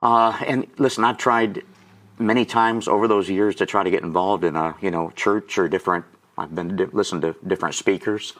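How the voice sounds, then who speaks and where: Low-voiced guest in his 60s, emotional testimony storyteller who chokes up. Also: steady tone, a little fast, fairly bright tone. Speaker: guest auctioneer.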